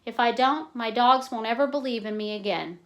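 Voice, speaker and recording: Woman reading earnest farm boy, determined, pleading, higher pitch. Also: brisk, fairly bright tone.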